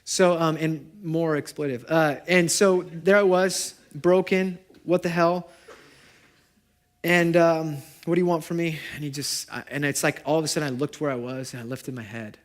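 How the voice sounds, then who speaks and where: A young adult man preaching a sermon to his congregation in a conversational way, asking them questions and moving between loud and hushed. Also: a little high, steady tone, moderate pace. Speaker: pastor. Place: church service before a congregation.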